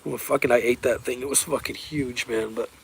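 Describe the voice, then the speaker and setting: A man in casual chat, rambling through stories with lots of swearing and excitable energy. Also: mid-range voice, brisk, creaky, husky. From eastern United States. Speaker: livestreamer.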